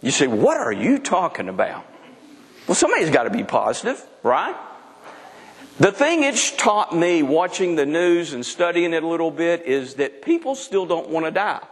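A man's voice: fairly high pitch, very animated, normal speed, long reverb tail. A middle-aged man preaching a sermon in a frank, emphatic way, often restarting his sentences. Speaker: pastor.

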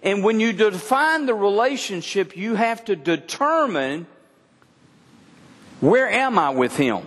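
Middle-aged male pastor, sermon, husky voice, slow unhurried delivery, earnest with emphatic repeats, long church reverb. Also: sits high, big pitch swings, a bit bright. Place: church service.

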